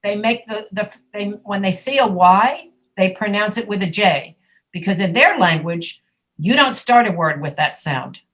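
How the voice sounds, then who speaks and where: A woman teaching an online English pronunciation class, patiently demonstrating sounds slowly and repeating them. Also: medium pitch, expressive, a bit bright. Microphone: video call.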